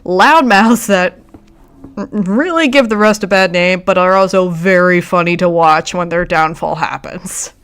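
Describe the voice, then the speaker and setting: Slow-spoken, clear-voiced woman host. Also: on the low side, fairly bright tone. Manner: halting, reflective, with frequent restarts. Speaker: streamer host. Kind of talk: casual livestream chat.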